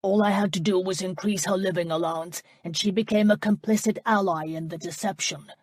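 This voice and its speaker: A woman reading the lines of a deceitful aging man, defending himself in a measured way. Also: lowish voice, fairly even intonation, darkish tone, dry recording, lightly acted. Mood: justifying. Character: deceitful aging man, former false lord.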